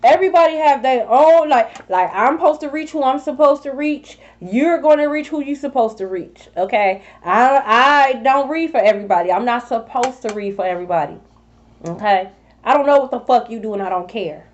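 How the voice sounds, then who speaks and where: A woman's voice: high-pitched, expressive, moderate pace, highs cut off. A woman tarot reader scolding her rivals in a sassy, profane vlog monologue. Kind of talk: confrontational spiritual vlog monologue.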